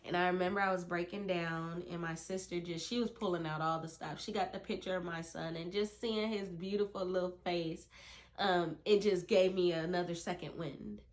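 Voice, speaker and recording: A woman's voice: fairly low pitch, steady tone, normal speed. A woman telling her own birth story to camera, earnest and emphatic, speaking directly to other women.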